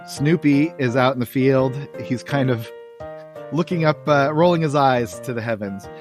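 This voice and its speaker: A man's voice: medium pitch, normal speed, music in the background. A man hosting a podcast who welcomes listeners and reads comic strips aloud panel by panel in a friendly, casual way. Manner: friendly, welcoming, talks through each panel. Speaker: podcast host.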